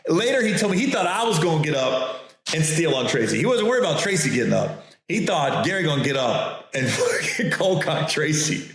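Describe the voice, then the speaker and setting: Comedian guy spinning a story, voice all over the place, super echoey room. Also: sits high. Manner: animated, acts out quoted voices, laughs often. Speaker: comedian host telling a story. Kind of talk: casual storytelling.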